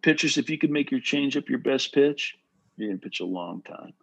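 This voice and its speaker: A man who played pro baseball giving casual, animated advice to pitchers, full of "bro" and "right?". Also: brisk, vocal fry, breathy edge, highs cut off. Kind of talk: casual coaching talk.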